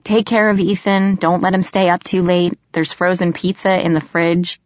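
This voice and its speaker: A woman reading an audiobook, voicing a hurt mother who brushes off worry and gives hurried instructions. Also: on the low side, flat delivery, no echo, close to an everyday voice. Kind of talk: audiobook narration. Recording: slightly dull lo-fi audio.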